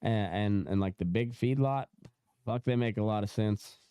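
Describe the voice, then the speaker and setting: A young man hosts a loose podcast conversation, rambling through fillers and restarts and breaking into laughter often. His voice comes through smooth and clear. The sound is dry and close, with no room in it. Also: fairly low pitch, normal speed, warm tone, no echo. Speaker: podcast host. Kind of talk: casual podcast chat.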